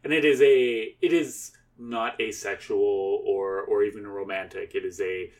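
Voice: low voice, fairly even intonation, unhurried. A player improvising a story, thinking aloud with frequent restarts.

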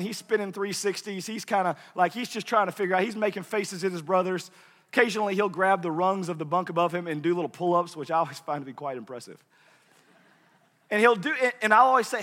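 A man in his thirties preaching a sermon, swinging between hushed murmurs and shouted peaks. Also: high voice, fast talker. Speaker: pastor. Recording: long hall reverb.

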